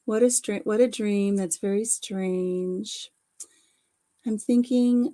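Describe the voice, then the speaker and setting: A woman's voice: medium pitch, unhurried, warm tone. A middle-aged woman in casual chat, telling a story in a rambling, chatty way with small fillers. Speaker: vlogger.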